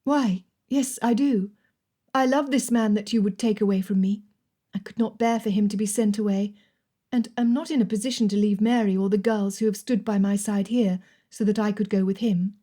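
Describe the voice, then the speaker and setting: A woman's voice: medium pitch, steady tone, moderate pace, warm tone, close to an everyday voice. A woman voicing a spirited young French dressmaker woman who speaks pertly and forthrightly. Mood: pleading. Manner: pert, forthright.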